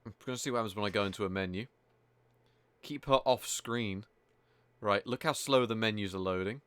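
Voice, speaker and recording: A male game streamer with a fairly low voice, talking live over his gameplay in a loose, chatty way. He sounds exasperated and swears freely. The sound is dry and close. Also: brisk, fairly bright tone, clear, resonant tone, dry recording.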